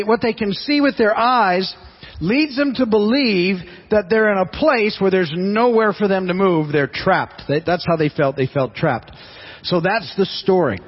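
Male pastor, high husky voice, conversational sermon delivery in a reverberant hall. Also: dull audio. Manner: conversational, repeats phrases, asks the congregation questions.

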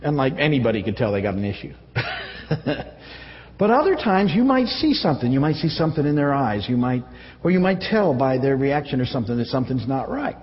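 A man's voice: mid-range voice, big pitch swings. Chatty male pastor in an echoey hall. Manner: conversational, halting, with many fillers and restarts. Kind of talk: sermon. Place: church. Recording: echoey hall, dull audio.

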